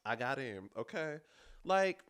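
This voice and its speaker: A man hosting a casual reality TV recap, sassy and animated, calling everyone girl and tossing in playful digs. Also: mid-range voice, a little slow, smooth.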